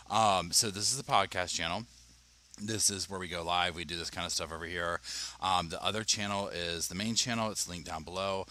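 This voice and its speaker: Bright, chatty man. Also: deep voice. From North Carolina, US. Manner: chatty and upbeat, with frequent "y'all" and asides. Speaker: podcast host. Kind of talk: casual livestream chat.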